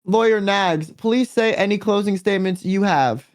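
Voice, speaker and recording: A man's voice: high voice, normal speed. A man playing the judge in a comedic mock trial, running things casually with hesitations and crude outbursts. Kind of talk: comedic role-play stream.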